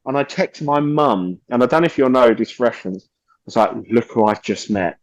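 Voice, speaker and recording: A man tells stories as a podcast guest, acting out what people said and swearing freely. His voice sits at a middling pitch. The sound is dry and close. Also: a little fast, dry recording, lo-fi sound. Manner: animated storyteller, swears freely, acts out quotes. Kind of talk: casual anecdote telling.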